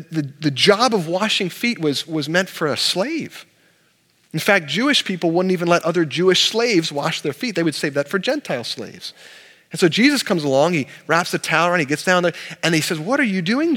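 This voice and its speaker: A man preaching a sermon in earnest, animated delivery, often repeating and restarting words. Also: high voice, long reverb tail. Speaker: pastor. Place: church.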